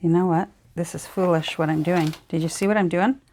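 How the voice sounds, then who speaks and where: A woman's voice: on the low side, steady tone, fairly quick, a little mellow. A middle-aged woman with a Canadian accent, chattering casually while she crafts, rambling and chiding herself with many ums and sighs. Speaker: crafting vlogger.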